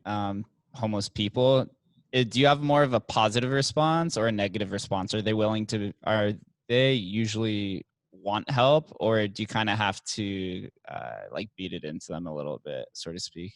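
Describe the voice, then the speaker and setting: Low-voiced young man, dry close sound. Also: moderate pace, no echo. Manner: relaxed, filler-heavy speech. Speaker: podcast host. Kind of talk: casual interview chat.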